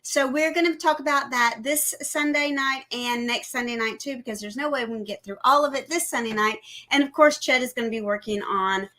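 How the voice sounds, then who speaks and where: A woman's voice: high-pitched, brisk, hardly any pauses, bright, forceful tone. A woman co-hosting a casual live stream, chatting plainly about a trip. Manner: chatty, laughs along, explains plainly. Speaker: co-host of cruise live stream.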